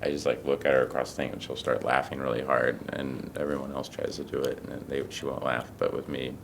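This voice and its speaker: Deep-voiced man telling lively stories. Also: fast, vocal fry, a little hiss or hum. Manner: animated storyteller who acts out quotes. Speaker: interview guest. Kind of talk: casual interview chat.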